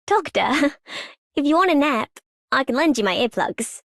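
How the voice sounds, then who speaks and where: A cheerful young game heroine with a put-on Australian accent. Her voice sits high and leaps around playfully. The delivery is bright and giggly. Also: animated, a little slow, full character voice.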